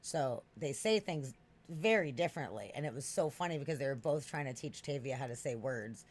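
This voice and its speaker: Animated East Coast podcast host. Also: male voice, mid-range voice, brisk. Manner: animated, laughing, profane and rambling. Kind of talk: casual podcast chat.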